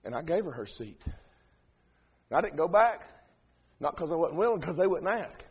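A preacher, delivering a sermon that swings from quiet asides to shouted emphasis. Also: male voice, on the high side, sing-song, normal speed, husky. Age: 40s.

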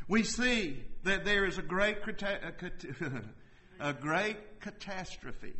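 A man's voice: fairly high pitch, pushed and bright, low-quality recording. A man preaching a sermon, earnest and punctuated by call-and-response asides.

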